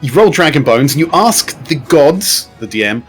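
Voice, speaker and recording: A man running a tabletop game as game master, explaining options in a lively, jokey way. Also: fairly high pitch, normal speed, breathy edge, soft background music.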